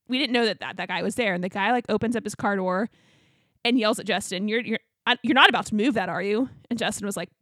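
A woman's voice: mid-range voice, no room sound, studio quality. A young woman co-hosting a casual chat, telling a story with lots of fillers and acting out what people said. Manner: animated storyteller, acts out quotes, many fillers. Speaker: podcast co-host.

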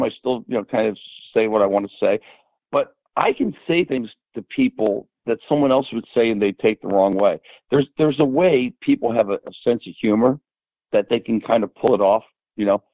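An older man as a podcast guest, rambling and animated as he tells stories and quotes people. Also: mid-range voice, no room sound. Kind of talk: casual storytelling. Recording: tinny phone-like line.

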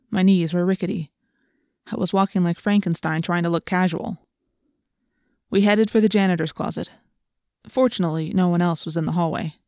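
A woman narrating a first-person audiobook in a steady, plain storytelling voice. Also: fairly low pitch, no echo, clean studio sound.

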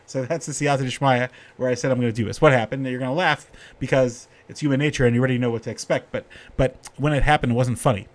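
A middle-aged man giving an informal Torah talk, telling stories and getting animated when he quotes the people in them. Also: medium pitch, fast talker. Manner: storytelling, animated when quoting characters.

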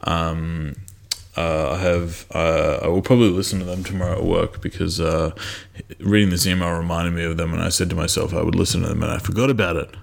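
A man co-hosting a casual podcast, halting and full of restarts and ums. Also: low voice, fairly even intonation, vocal fry. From Australia. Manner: hesitant, many restarts and ums. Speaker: podcast co-host. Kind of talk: casual chat.

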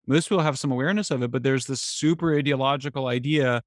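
A man speaking as an author guest in a casual interview, animated and getting exasperated at times. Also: mid-range voice, fast talker, no room sound, clean studio sound. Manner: animated, voice jumps up when exasperated.

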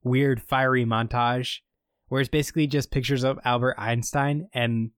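A man's voice: medium pitch, steady tone, normal speed, clear, resonant tone, dry recording. A man casually recaps a show episode, rambling through the plot with frequent fillers. His voice sits in a plain middle register and sounds dry and close, with no room around it. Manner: rambling storytelling with many fillers. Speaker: podcast co-host recapping a show.

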